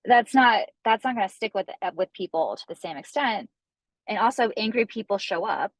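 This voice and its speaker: A woman's voice: medium pitch, animated, fairly quick, dry recording, rough recording. A woman author, a guest in a library discussion, explaining earnestly with frequent restarts. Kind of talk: discussion talk.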